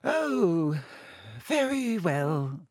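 A man voicing an ancient, shriveled ghost professor who speaks in a dry, wheezy, slow lecturing drone. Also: high-pitched, sing-song, darkish tone, no echo, pitched above the performer's own voice, heavily acted. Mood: hesitant.

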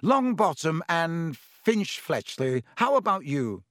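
A man's voice: a little high, big pitch swings, slow pace, dry recording, studio quality, voice pushed up, full character voice. Gilderoy Lockhart, a man doing a vain wizard. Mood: fussy showy. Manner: bright, fussy and theatrical. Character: vain, flustered showy male wizard teacher.

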